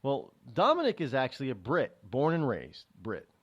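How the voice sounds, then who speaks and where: A man's voice: medium pitch, huge pitch swings, highs cut off. Guy hosting a talk show, mid voice, kinda rambly, keeps restarting sentences and wandering off on tangents. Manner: halting, many restarts and asides. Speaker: radio show host. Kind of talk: rambling solo commentary on news.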